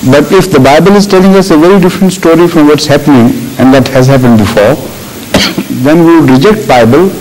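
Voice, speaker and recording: A man speaking as a religious leader in a question and answer session, deliberate and measured, pausing and coughing often. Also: a little high, a little mellow, rough recording. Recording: faint tape hiss.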